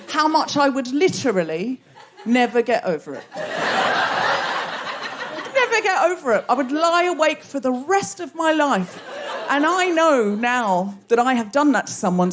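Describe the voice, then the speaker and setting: A woman's voice: high-pitched, slight background noise. An Australian woman hosting a live comedy podcast, laughing and riffing with the audience from a theatre stage. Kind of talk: live stand-up crowd work.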